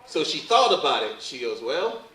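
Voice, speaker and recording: A man's voice: a little high, sing-song, normal speed, a bit bright. A man doing a loose, joking stand-up comedy set on a live stage, asking the crowd questions. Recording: roomy live venue from far off.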